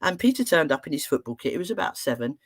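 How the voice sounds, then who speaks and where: A middle-aged woman, an emotional therapist giving a talk, telling stories in a chatty, humorous and expressive way. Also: low voice, quick pace. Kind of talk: storytelling talk to an online audience.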